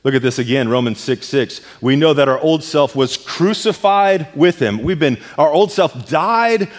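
A man's voice: on the high side, big pitch swings, normal speed, hardly any pauses. A male pastor preaching a sermon, emphatic and repeating words as he presses a point. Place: church sanctuary. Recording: long church hall reverb.

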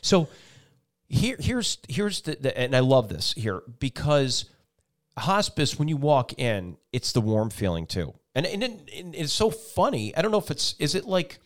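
A man's voice: a little high, big pitch swings, a little slow. A man hosting a casual interview show, enthusiastic and rambling, often restarting his questions. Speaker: talk show host.

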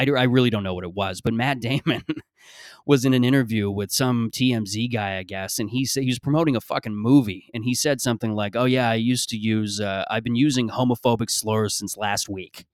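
A man's voice: on the low side, clean tone, no room sound, clean studio sound. A man around thirty hosting a solo podcast, rambling, sarcastic and profane in casual talk. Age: 30s. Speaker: podcast host.

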